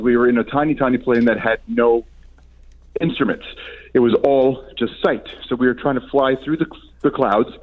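A man, a guest on a radio show, telling stories in quick, animated casual chat. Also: medium pitch, narrow, tinny audio.

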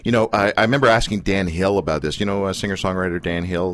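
A man's voice: deep voice, racing. A man from Canada hosting a casual radio talk show, teasing and joking with his guest and rambling between thoughts.

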